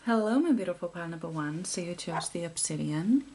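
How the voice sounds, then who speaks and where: A woman giving an intuitive tarot reading to her viewers, talking in a soft, heartfelt and rambling way. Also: lowish voice, expressive, brisk. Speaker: tarot card reader.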